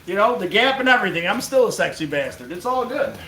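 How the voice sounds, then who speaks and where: A man hosts a casual stream, teasing his viewers in an easygoing way with plenty of swearing. His voice sits high. It comes from a distance in an echoey spot, with faint noise underneath. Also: very animated, fast talker, sharp tone. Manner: laid-back, teasing, swears freely. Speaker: livestream host. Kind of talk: casual chat.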